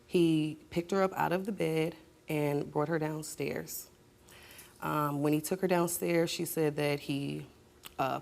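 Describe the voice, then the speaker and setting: Appearing on a talk show, a woman gives emotional testimony about a painful family story, getting heated as she argues with her mother and talks over others. Her voice sits low, with vocal fry and a darkish tone.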